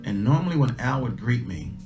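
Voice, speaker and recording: A man's voice: mid-range voice, animated, brisk, darkish tone, soft background music. A man, telling a personal story in an earnest, conversational way with many restarts. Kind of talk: casual storytelling talk.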